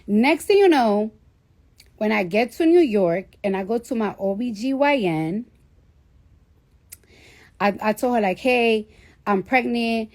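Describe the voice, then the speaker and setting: A woman's voice: mid-range voice, expressive, measured pace, long pauses, a little mellow. A woman in her thirties telling a personal story casually, with blunt, profane talk and lots of fillers. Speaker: celebrity on a livestream.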